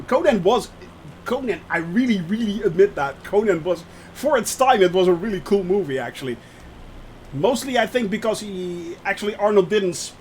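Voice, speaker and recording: A man's voice: sits high, a little hiss or hum. A man, chatting live with viewers while streaming a flight sim, joking and laughing often as he reads the chat aloud.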